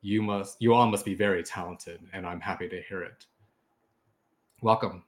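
A calm, wise man of quiet confidence, voiced by a man in a tabletop game. He speaks in a measured, courteous tone close to the performer's own low voice. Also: lightly acted.

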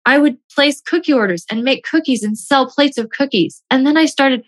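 A woman's voice: sits high, normal speed. A woman telling a personal story as a motivational speaker, stressing her points by repeating key phrases.

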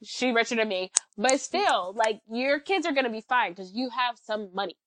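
High-voiced woman ranting animatedly. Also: normal speed, slight background noise, poor audio. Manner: animated, ranting, uses lots of fillers. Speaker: podcast co-host. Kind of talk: casual chat.

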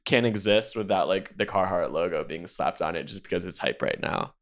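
A young man co-hosting a podcast in casual chat, rambling and animated, full of "like" and casual swearing. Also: low-pitched, brisk. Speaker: podcast co-host.

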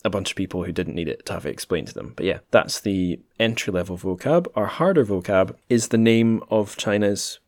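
A man's voice: fairly low pitch, expressive, fairly quick, few pauses, no room sound, studio quality. A man hosting a casual solo podcast, talking in a thoughtful, meandering way with many ums and restarts. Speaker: podcast host.

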